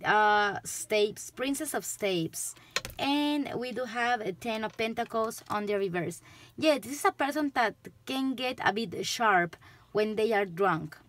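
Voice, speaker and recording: A woman's voice: a little high, expressive, measured pace, fairly bright tone, a little hiss or hum. A woman with a Spanish accent giving a tarot reading to camera, chatting loosely and laughing often. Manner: giggly, chatty, loose rambling. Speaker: tarot reader.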